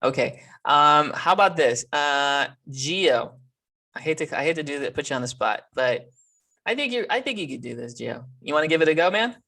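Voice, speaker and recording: A man teaching an online class, talking haltingly with many fillers and restarts over a video call. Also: on the high side, expressive, bright, forceful tone. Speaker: instructor.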